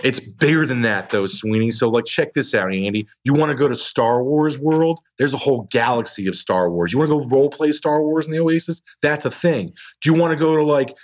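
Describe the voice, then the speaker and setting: A male podcast host with a middle-pitched voice talks in a loose, joking way. He swears freely and gets animated when something excites him. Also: fairly quick, hardly any pauses. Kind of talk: casual chat.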